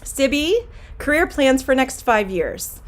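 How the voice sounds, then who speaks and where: A middle-aged woman teaching English in a live online question and answer session, greeting viewers by name and answering slowly and clearly. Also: high-pitched, big pitch swings. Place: home classroom.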